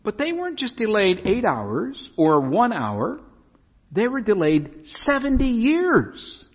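A man with a high, lively voice delivers a sermon, moving between storytelling and slow, emphatic scripture reading. His voice rises and falls widely. The sound is dull and carries a long church-hall reverb. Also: slightly rough. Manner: storytelling preacher, reads scripture slowly and emphatically. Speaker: pastor.

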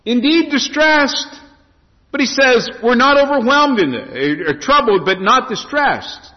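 Pastor guy preaching, higher voice, goes way up and down, muffled lo-fi sound. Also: measured pace. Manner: preaching with lively rising and falling emphasis. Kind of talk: sermon. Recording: dull lo-fi sound in a reverberant hall.

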